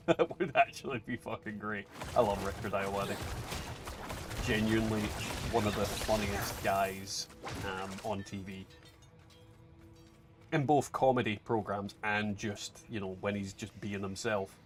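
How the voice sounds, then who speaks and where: A man's voice: on the low side, measured pace. A man with a Scottish accent, casually chatting and swearing while streaming a game and answering viewer chat. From Scotland. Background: game music.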